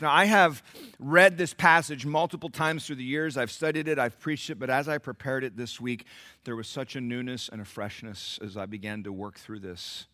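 A middle-aged male pastor preaching a sermon, dropping low and confiding, then rising to loud exclamations as he acts out the people in the text. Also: normal speed.

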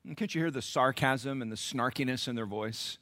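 A middle-aged male pastor preaching a sermon, dropping low and confiding, then rising to loud exclamations as he acts out the people in the text. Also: fairly quick.

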